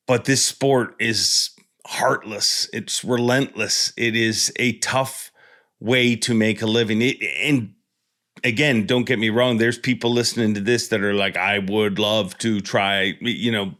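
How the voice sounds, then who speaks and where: A man's voice: lowish voice, fairly bright tone. A man hosting a fishing podcast in a casual, joking, rambling monologue, born in Ireland. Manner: jokey, rambling, self-deprecating. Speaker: podcast host.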